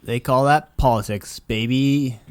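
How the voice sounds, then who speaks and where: Brief: male podcast co-host, joking banter, dry close mic, mid pitch. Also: steady tone, a little slow, smooth, no room sound. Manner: joking, puts on quoted voices in stories. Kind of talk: casual comedic chat.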